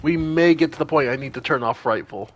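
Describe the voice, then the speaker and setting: A man's voice: fairly high pitch, a little fast. A man streaming a role-playing game, thinking aloud with casual commentary and some swearing.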